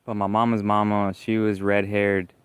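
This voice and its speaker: A man with a Southern US accent chatting casually on a livestream, talking slowly around a stammer. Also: on the low side, little pitch movement, clean tone, no room sound. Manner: stammer, slow careful breathing; chatty, rambling. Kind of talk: casual live chat.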